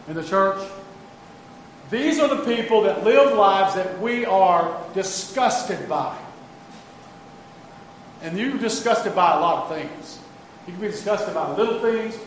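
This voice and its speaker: A man preaches a sermon with earnest emphasis. His voice is high for a man, and he often backs up and restarts a phrase while driving a point home. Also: slight background noise. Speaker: pastor.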